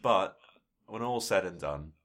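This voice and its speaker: A man with a very deep voice chats on a podcast. His pitch moves a lot. He sounds wry and thoughtful. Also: lively intonation, a little slow, fairly bright tone. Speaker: podcast co-host. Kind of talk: casual chat.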